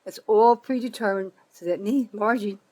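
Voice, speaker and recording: A woman's voice: mid-range voice, moderate pace, warm tone. A woman in her seventies ranting angrily in a political monologue, profane and accusatory, repeating points for emphasis. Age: 70s. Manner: emphatic, repeats herself for stress. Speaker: citizen vlogger.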